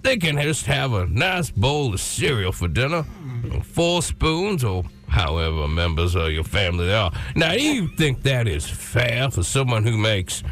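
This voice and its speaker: A man putting on a halting, stammering mock accent to play a blustering older male senator questioning a CEO at a hearing. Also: medium pitch, sing-song, a bit bright, faint music behind, pitched below the performer's own voice. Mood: mock-stern.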